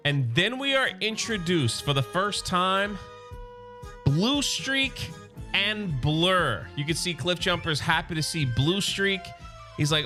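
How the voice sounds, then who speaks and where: A bright, forceful male voice sitting a touch above the usual pitch, talking through a comic issue with casual enthusiasm. He drops into quick, loose paraphrases of the characters' lines as he goes. A faint music bed runs underneath. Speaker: comic book reviewer.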